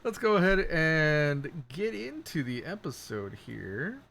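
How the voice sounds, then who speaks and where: A man's voice: fairly high pitch, very animated, slow, gravelly, a bit bright. A man casually opening a tabletop game stream as game master, chatty, laughing and swearing a little. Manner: laid-back, laughing, swearing, chatty drawl.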